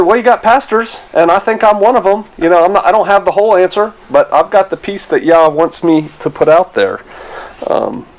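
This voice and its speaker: A man's voice: fairly high pitch, poor audio. Rambling conversational man preaching a sermon. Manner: conversational, rambling, rhetorical asides. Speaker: pastor.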